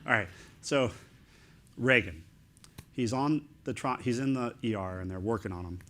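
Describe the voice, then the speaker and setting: A middle-aged man recounts events as a guest in a live interview, talking in eager, tumbling fragments. His voice sits at an ordinary pitch, with a faint hiss of noise behind it. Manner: excitable, animated, talks in quick fragments. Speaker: author and guest speaker.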